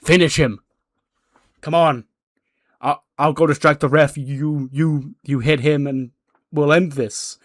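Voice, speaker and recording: A man's voice: mid-range voice, fairly even intonation, takes it slowly, darkish tone, no echo, studio quality, lightly acted. A man voicing a scheming male wrestler who pushes his partner to cheat. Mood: urgent. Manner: urgent, pushy.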